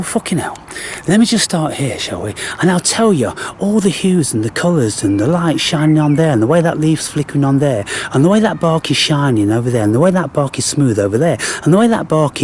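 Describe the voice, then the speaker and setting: A man rambles through an outdoor monologue with a lively, swinging, fairly high voice. He swears constantly, restarts his sentences and keeps talking. Faint outdoor noise and a passing car sit behind him. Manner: profane, rambling, animated, frequent restarts. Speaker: spiritual vlogger. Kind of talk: unscripted monologue vlog. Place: outdoors in a graveyard.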